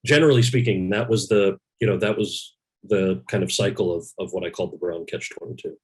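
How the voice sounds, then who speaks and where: A man's voice: deep voice, fairly quick, slightly rough, poor audio. A man in his forties, a guest actor, telling candid stories with lots of restarts over a video call. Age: 40s. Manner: candid, animated anecdotes with many restarts. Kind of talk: storytelling in a conversation.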